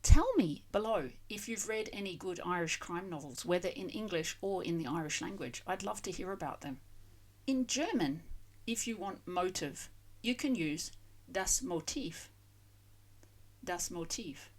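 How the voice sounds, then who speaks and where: A woman's voice: lowish voice, lively intonation, moderate pace. A woman hosting a language-learning channel, giving a scripted vocabulary lesson and carefully spelling out foreign words.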